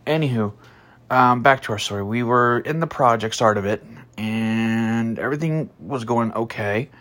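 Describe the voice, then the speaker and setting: A man telling a story about a past job as a podcast host, blunt and profane, starting slow and soft, then growing loud and heated. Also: mid-range voice. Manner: slow and soft at first, growing louder and animated. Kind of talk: casual storytelling monologue.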